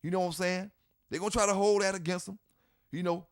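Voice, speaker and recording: A man's voice: high-pitched, fairly even intonation, fast. A man hosting his channel, giving fired-up, blunt commentary that swears, repeats points and laughs scornfully. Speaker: channel host. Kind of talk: ranting commentary to camera.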